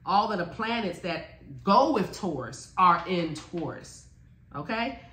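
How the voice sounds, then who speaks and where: A woman giving a blunt, profane, animated motivational talk as a spiritual teacher. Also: lowish voice, a little slow. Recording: echoey room.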